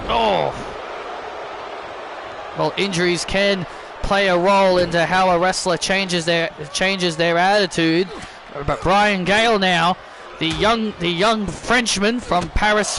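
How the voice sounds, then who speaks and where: A man calling a wrestling video game in a casual play-by-play style. He rambles, repeats his lines and gets excited. His voice is high for a man and his delivery is slow, with noisy game sound behind him. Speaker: channel host, video game commentator.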